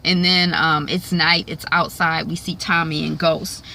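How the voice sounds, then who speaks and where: A woman's voice: sits low, little pitch movement, measured pace, gravelly, pushed and bright, a little hiss or hum. A woman giving a casual, chatty TV episode recap, with many fillers and put-on voices when she quotes characters. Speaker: TV recap vlogger.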